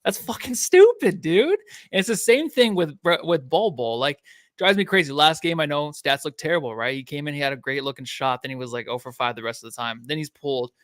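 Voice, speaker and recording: A man's voice: mid-range voice, fast talker, fairly bright tone, dry recording, clean studio sound. A man co-hosting a casual sports podcast, blunt and profane, laughing often. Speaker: podcast co-host.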